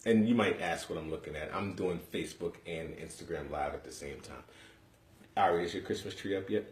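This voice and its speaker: Deep-voiced New man chatting live. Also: fairly quick. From Harlem, New York City. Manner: animated, blunt, slangy banter with viewers. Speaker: host of a live webcast. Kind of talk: casual live-stream chat. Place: room in his home. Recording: echoey room.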